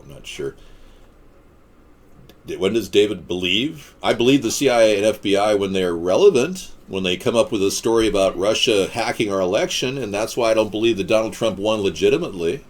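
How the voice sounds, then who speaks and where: Guy rambling on a live chat stream, low voice that swings all over, jokey and deadpan. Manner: rambling, deadpan-joking, rants and quips. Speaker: livestream host. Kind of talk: casual live-stream chat answering viewer comments.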